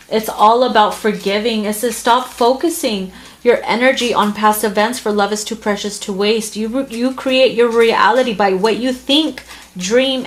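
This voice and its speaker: A woman's voice: mid-range voice, a little hiss or hum. Earnest woman giving a tarot reading. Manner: earnest, heartfelt, with many restarts and fillers. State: emotional, near tears at times. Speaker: tarot reader. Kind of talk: casual tarot reading to camera.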